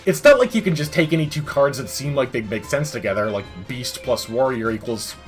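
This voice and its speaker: A man's voice: medium pitch, a little fast, few pauses, faint music behind. A man giving a comedic, sarcastic game review voice-over that breaks into exasperated rants, recorded close on a mic.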